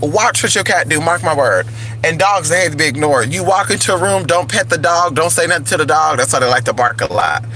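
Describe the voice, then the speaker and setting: A man's voice: a little high, expressive, fairly quick, sharp tone, a little hiss or hum, low-quality recording. A man vlogging in casual chat, playful and crude, calling his viewers honey and y'all.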